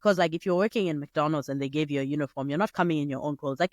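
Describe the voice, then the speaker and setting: A young woman hosting a solo podcast, talking in a chatty, digressive way with sudden jumps up in pitch. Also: racing, a little mellow, no room sound, clean studio sound. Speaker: podcast host. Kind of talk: casual solo podcast monologue.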